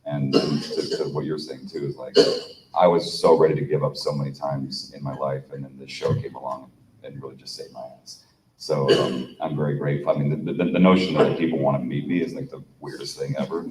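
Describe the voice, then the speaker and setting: Very deep-voiced man on a panel. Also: little pitch movement, a little fast, recorded from a distance. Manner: rambling, many fillers and restarts. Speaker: panel guest. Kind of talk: casual storytelling on a convention panel. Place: convention panel room. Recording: echoey room from off-mic with faint hum.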